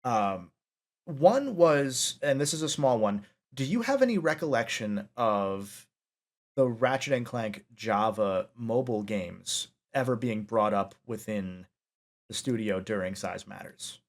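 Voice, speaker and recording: A man hosting a podcast interview, asking detailed questions eagerly and reassuring his guest with quick affirmations. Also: lowish voice, animated. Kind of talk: casual interview chat.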